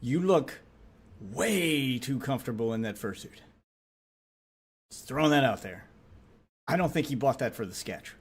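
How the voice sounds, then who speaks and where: A man streaming live, reacting to a video with loud laughing outbursts and quick asides. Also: mid-range voice, expressive, husky.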